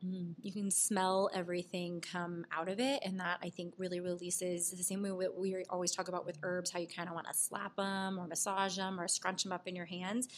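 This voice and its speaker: A woman's voice: on the low side, a little hiss or hum. A woman co-hosting a podcast, casually explaining what she does as she mixes a cocktail. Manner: explains while mixing a drink. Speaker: podcast co-host. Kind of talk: casual chat.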